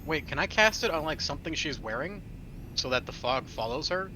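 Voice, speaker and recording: Male player, crisp bright voice, casual and argumentative. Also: on the high side, lively intonation, a little fast, a little hiss or hum, poor audio. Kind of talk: casual tabletop game talk.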